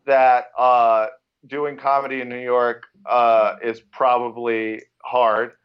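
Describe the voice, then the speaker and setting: A man's voice: medium pitch, flat delivery, takes it slowly, clear, resonant tone, muffled recording. A man co-hosting a podcast, chatting casually, brash and swearing, calling everyone dude. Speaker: podcast co-host. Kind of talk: casual chat.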